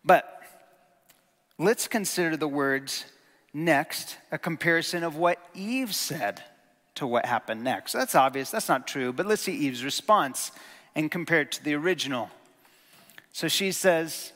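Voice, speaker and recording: A man's voice: fairly high pitch, animated, measured pace, pushed and bright. Man preaching in a reverberant hall. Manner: conversational teaching, enthusiastic asides. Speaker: pastor. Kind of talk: sermon.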